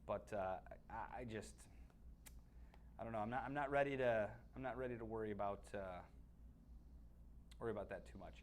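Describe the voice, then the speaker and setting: A man's voice: lowish voice, fairly quick, pauses often, slight background noise. A man co-hosting a sports webcast, giving blunt opinions on football in casual talk that is full of restarts. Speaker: sports analyst co-host.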